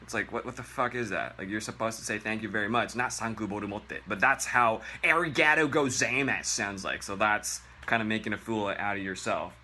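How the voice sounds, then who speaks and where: A man from Japan giving a comedic Japanese lesson as the show's host, animated and profane, mocking bad pronunciation in exaggerated voices. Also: fairly low pitch, a little fast, hardly any pauses, a little hiss or hum. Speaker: Japanese language teacher. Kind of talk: comedic online language lesson.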